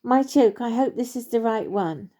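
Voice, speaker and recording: A woman voicing an eager, polite young male animal in a storybook reading, quick to apologize. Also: a little high, lively intonation, warm tone.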